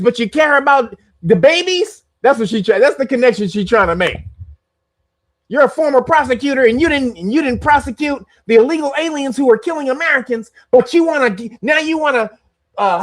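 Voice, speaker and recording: A man with a rather high voice talks over a clip he is watching. He reacts in casual, cursing bursts of disbelief and breaks into laughter often. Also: a bit bright. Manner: profane, incredulous, laughs often. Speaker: reaction streamer.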